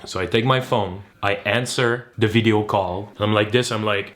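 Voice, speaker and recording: A man telling a story to camera with lots of energy, acting out each voice he quotes and shrieking when he gets to the shocks. His voice sits at an ordinary middle pitch. Music plays clearly underneath him. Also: normal speed. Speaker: vlogger. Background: background music.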